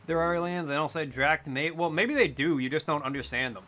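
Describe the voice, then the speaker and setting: A man's voice: on the high side, lively intonation, fast talker, few pauses, bright, forceful tone, soft background music. A man streaming a video game, chatting loosely and jokily with casual swearing. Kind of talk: casual gaming stream chat.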